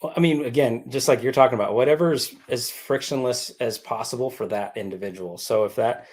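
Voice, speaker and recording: A man with medium pitch and a darkish tone speaks briskly as a podcast co-host guest in a casual interview chat. He explains things in an easygoing, conversational way, frequently restarting.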